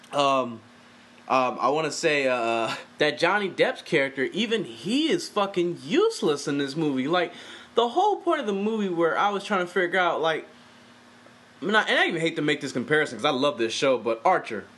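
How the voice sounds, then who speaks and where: A man's voice: fairly high pitch, a bit bright. A man giving a casual, profane, exasperated film review, talking animatedly and swearing freely.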